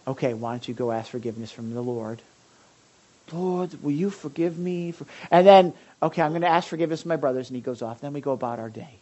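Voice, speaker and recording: Middle-aged male preacher, animated, bursts into loud acted-out moments mid-sermon. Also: muffled recording. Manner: animated, acts out scenes with sudden loud high outbursts. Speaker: pastor. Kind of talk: sermon talk with audience sharing.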